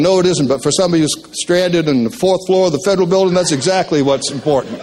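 Older man telling folksy stories, high voice. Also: fast talker, hardly any pauses, background noise. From Maine. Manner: folksy, joking, animated storyteller. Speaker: retired speaker telling life stories. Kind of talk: motivational storytelling talk.

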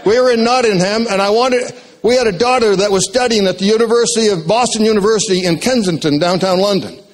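Older man, high-pitched, folksy joking storyteller, motivational talk. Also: fast. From Maine. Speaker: retired speaker telling life stories.

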